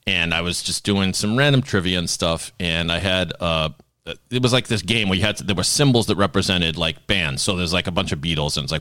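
Deep-voiced Boston man hosting a chat show. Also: quick pace, fairly bright tone, no echo, clean studio sound. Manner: jokey, rambling storyteller. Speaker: podcast host. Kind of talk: casual chat.

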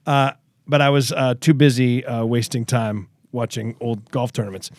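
A man's voice: mid-range voice, flat delivery, moderate pace, no room sound. A man hosting a podcast, chatting casually and joking as he reads listener posts aloud. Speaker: podcast host.

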